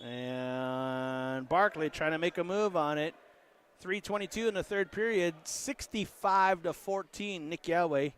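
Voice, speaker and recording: High-voiced man calling a basketball game. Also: unhurried, clean tone. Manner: joking, voices the players' imagined words. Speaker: play-by-play announcer. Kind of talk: casual sports commentary.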